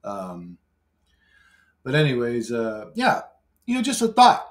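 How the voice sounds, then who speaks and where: A man's voice: mid-range voice, huge pitch swings, slow. A man talking in a casual vlog monologue. He is brash, swears constantly, rambles and laughs often. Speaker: YouTuber.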